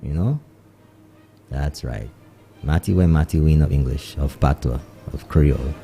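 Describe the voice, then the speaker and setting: A man with a Saint Lucian accent hosts a live morning radio show, chatting loosely, slipping into Creole phrases, and giving shout-outs to listeners place by place. His voice is rumbling low, creaky, and warm, at a measured pace, with faint music behind him.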